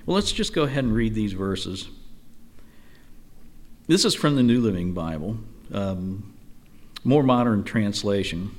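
Male Bible teacher, casual study-group delivery, animated pitch, chatty asides between readings. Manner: conversational, lively, with frequent "you know" asides.

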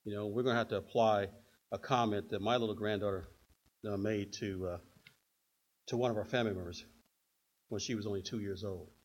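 Husky older man preaching a sermon. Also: lowish voice, brisk, long pauses. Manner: animated, acts out quotes in put-on voices. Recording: dull lo-fi recording.

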